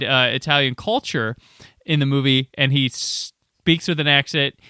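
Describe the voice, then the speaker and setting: A man's voice: fairly high pitch, smooth, no echo, clean studio sound. A man hosting a podcast and chatting casually, telling stories and acting out the voices of people he quotes. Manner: animated storyteller, acts out quoted voices. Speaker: podcast host. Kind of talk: casual chat.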